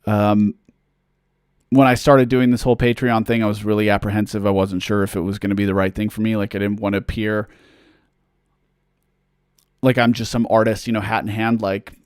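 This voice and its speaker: A man's voice: lowish voice, brisk, pauses often, clean tone, no echo, clean studio sound. A man chatting casually on a livestream, answering fan questions in a rambling way, with lots of fillers and self-deprecating jokes.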